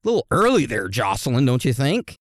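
A man co-hosting a podcast in casual chat, playfully reading out listener messages and birthday shout-outs. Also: medium pitch, wildly swooping pitch, fairly quick, no room sound, studio quality. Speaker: podcast co-host.

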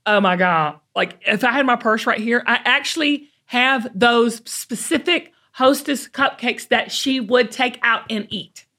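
A woman from the American South with a Southern accent, hosting a podcast in an animated, folksy, chatty way. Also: fairly high pitch, a little slow, few pauses. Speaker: podcast host. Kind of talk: casual chat.

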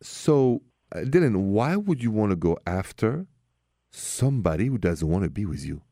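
A man's voice: lowish voice, sing-song, normal speed, no room sound, clean studio sound. A man with a French accent hosting a radio love-advice show, telling stories and talking frankly with callers. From France. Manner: warm storytelling, direct and frank with callers. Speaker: radio host.

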